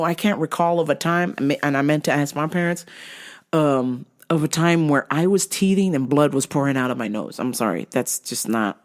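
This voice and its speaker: A young adult woman hosting a podcast, telling a story casually, swearing and acting out other people's voices. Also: deep voice. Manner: animated, profane, acts out other people's voices. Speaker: podcast host.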